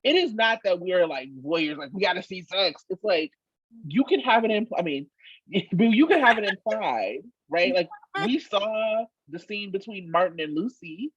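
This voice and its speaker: A husky-voiced woman co-hosts a casual chat with a swinging, animated delivery. She talks emphatically and swears freely, and the sound is dry and slightly muffled. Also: medium pitch, moderate pace, no room sound. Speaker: podcast co-host.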